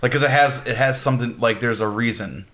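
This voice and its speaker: A man co-hosting a podcast in quick, animated casual chat. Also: medium pitch.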